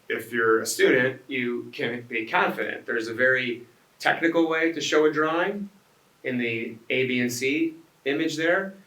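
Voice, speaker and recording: A man gives a loose, rambling talk to an audience, his voice bright and slightly forceful. The sound is roomy, caught from a distance off the mic. He keeps restarting phrases and throwing in asides to the listeners. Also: mid-range voice. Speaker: restaurant owner giving a design talk. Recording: echoey room, voice picked up from a distance.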